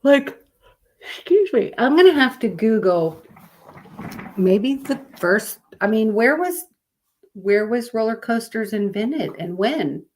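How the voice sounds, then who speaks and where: A woman hosts a casual live stream, reading fun facts aloud and chatting with viewers. She sounds sleepy and talks at an unhurried, drawn-out pace, wandering off on tangents as she goes. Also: fairly high pitch, very animated, a little mellow, slight background noise. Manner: rambling, chatty, addresses viewers as y'all. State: sleepy, yawning.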